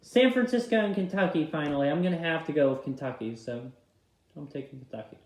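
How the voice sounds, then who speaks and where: A young man with a fairly high voice talks through his bracket picks in a casual, chatty way. He moves quickly from game to game and keeps apologizing for tapping the wrong teams. The room around him sounds echoey. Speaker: vlogger filling out a tournament bracket. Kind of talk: casual bracket-pick commentary.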